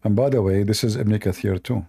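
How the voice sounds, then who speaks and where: A man hosting a live-stream debate, talking in a mocking, animated way with loose, non-native English phrasing. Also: fairly low pitch, fairly quick, creaky, slightly rough.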